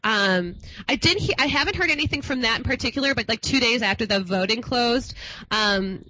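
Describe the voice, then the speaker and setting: Radio guest, woman from Minnesota, bright and chatty psychic, slightly dull sound. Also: fairly high pitch, lively intonation, fairly quick, no room sound. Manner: chatty, laughs often, warm asides. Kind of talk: casual radio chat.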